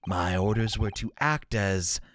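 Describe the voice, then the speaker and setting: A man voicing a guilt-ridden soldier in a video game playthrough, speaking slowly and heavily. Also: lowish voice, lively intonation, a bit bright, voice pushed down. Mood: solemn. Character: gruff male Japanese soldier, guilt-ridden and solemn.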